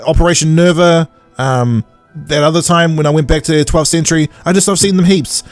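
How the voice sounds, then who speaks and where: A man's voice: on the high side, a little fast, no echo, soft background music. A man co-hosting a podcast, recapping an episode in a jokey way and acting out characters in silly voices. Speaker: podcast co-host. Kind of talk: casual chat recapping an episode.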